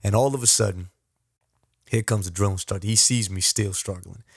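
A man hosting a podcast, telling a personal story with animated, repetitive, self-deprecating motivational talk. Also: fairly low pitch, normal speed, husky, no room sound, studio quality. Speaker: podcast host.

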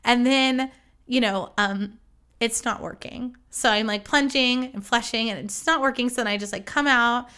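Podcast host, woman, higher voice, crisp and bright; rambly, swears freely, laughs at herself. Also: normal speed. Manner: rambling, profane, self-deprecating. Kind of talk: casual storytelling chat.

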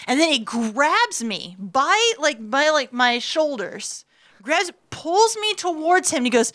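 A young woman telling a dating story as a podcast guest, animated and full of fillers, with plenty of swearing. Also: sits high, unhurried. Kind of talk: casual storytelling. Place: studio.

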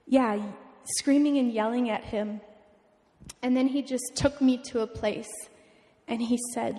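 Young woman sharing a heartfelt mission story, earnest and halting, echoing hall. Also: fairly high pitch, little pitch movement. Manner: emotional, earnest, halting with restarts. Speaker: mission testimony speaker. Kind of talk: personal testimony talk. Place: church event hall. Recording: long hall reverb.

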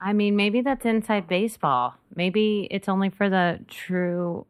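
A woman's voice: medium pitch, a little slow, clear, resonant tone, no room sound, studio quality. A woman appearing as a comedian guest, chatting casually with laid-back jokey asides.

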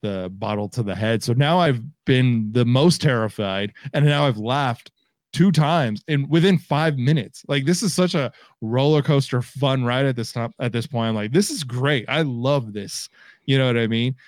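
A man's voice: mid-range voice, normal speed, no room sound, clean studio sound. A man co-hosting a casual film podcast from home, talking with easygoing enthusiasm and agreeing with his co-host. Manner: enthusiastic, agreeable, laughs along. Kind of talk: casual movie-discussion chat. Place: home, recording remotely.

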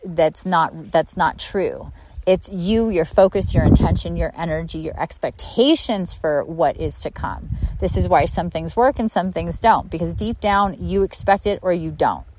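A woman hosting an impromptu solo podcast as a spiritual coach, talking candidly and bluntly, swearing and laughing often, and now and then mimicking people in a high mocking voice. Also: darkish tone, dry recording, poor audio. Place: outdoors by a pond at her home.

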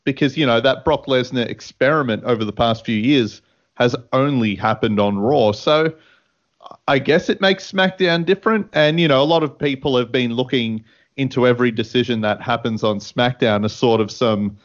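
A man co-hosting a radio show, talking in a relaxed, casual way and laughing along. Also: medium pitch, moderate pace, dull audio. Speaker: co-host. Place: radio studio.

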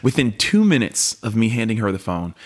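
A man's voice: on the low side, brisk. A man in his forties from Pennsylvania, a guest telling stories in a casual interview and acting out the dialogue he quotes. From Pennsylvania, USA. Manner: animated storyteller who acts out quoted dialogue. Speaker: guest, former pro football player.

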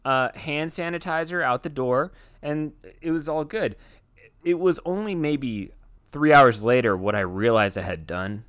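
A man co-hosting a podcast, telling long comic stories in a relaxed, laid-back way. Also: a little high, clean tone, dry recording, clean studio sound. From United States. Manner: laid-back storyteller, drawn-out comic anecdotes. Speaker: podcast co-host. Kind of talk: casual podcast chat.

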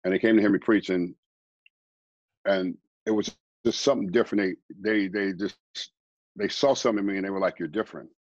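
A middle-aged man, a guest preacher, telling his life story in a rambling, quiet way, often repeating words. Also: sits low, steady tone, brisk, no room sound, muffled recording. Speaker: guest, former baseball player turned preacher. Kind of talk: conversational storytelling.

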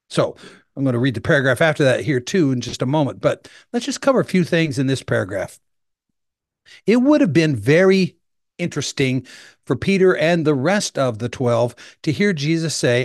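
A man's voice: medium pitch, very animated, moderate pace, dry recording, studio quality. A male pastor giving an enthusiastic, conversational sermon, explaining things in a chatty way.

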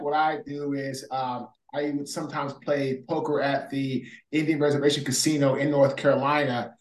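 A former pro football player telling his story as a guest in an interview, energetic and animated. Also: fairly high pitch. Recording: roomy echo.

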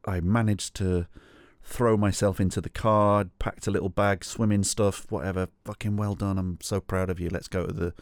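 A man's voice: fairly even intonation, normal speed, dry recording, studio quality. A middle-aged man telling a self-mocking comic story on his own podcast, swearing freely. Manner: self-mocking, sweary, acts out quotes in a high pleading voice. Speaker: podcast host. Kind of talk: solo comedic storytelling.

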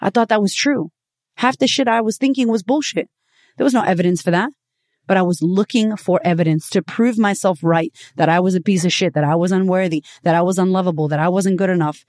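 A woman's voice: on the low side, a little mellow, no echo, studio quality. A woman hosting a podcast, giving a blunt, profane motivational monologue full of rhetorical questions. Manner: emphatic, swinging between punchy and drawn-out phrases. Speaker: podcast host.

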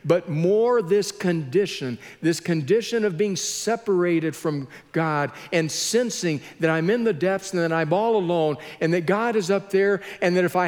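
A man delivers a sermon in an unhurried, deliberate way, letting long pauses hang between phrases. His voice sits somewhat high for a man, and it carries through the long reverb of a church sanctuary. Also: darkish tone. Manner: slow, earnest preaching with heavy pauses. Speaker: pastor.

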